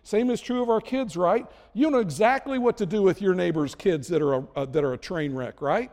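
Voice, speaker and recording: A man's voice: sits high, brisk, darkish tone, in a large hall. A middle-aged man preaching a sermon as a pastor, conversational and self-deprecating with jokes.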